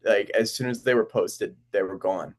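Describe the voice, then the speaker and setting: A young man co-hosting a podcast over a call, chatting about sports in a relaxed, chatty way. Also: fairly low pitch, moderate pace. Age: young adult. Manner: relaxed, chatty, laughs easily. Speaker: podcast co-host.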